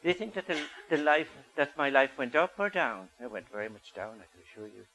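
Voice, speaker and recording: A man's voice: mid-range voice, sing-song, fairly quick, sharp tone, a little hiss or hum, rough recording. An older man giving a storytelling talk to an audience, asking them questions as he goes. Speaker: speaker.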